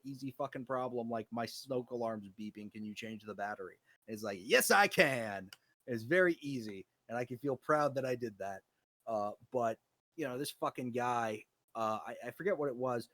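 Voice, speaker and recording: A man's voice: mid-range voice, a little fast, a bit bright, dry recording. A man from the United States in casual chat, ranting and swearing as he tells stories. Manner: profane, ranting storyteller.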